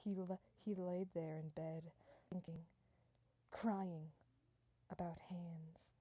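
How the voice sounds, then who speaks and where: A woman rambles through an improvised comic story, swearing and restarting sentences as she goes. Her voice is mellow and soft-edged. The sound is dry and close. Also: lowish voice, level tone, slow pace, dry recording.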